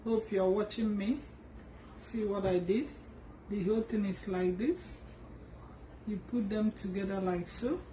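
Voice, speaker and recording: A woman talks through a sewing tutorial at a slow, patient pace, often stopping to rephrase as she works. She sits back from the microphone in an echoey room with a faint hum in the background. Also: mid-range voice, mellow, far from the mic. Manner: unhurried, restarts and fillers while working. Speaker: sewing instructor.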